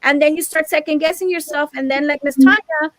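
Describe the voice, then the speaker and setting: A woman's voice: sits high, steady tone, fairly quick, no echo, rough recording. A woman teacher speaking in a group meeting, exasperated and emphatic, repeating her points. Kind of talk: frustrated discussion in a group meeting.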